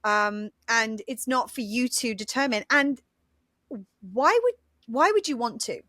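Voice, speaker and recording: A woman co-hosting a casual podcast, explaining her ideas at length in an earnest, lively way. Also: on the high side, unhurried, dry recording, studio quality. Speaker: podcast co-host.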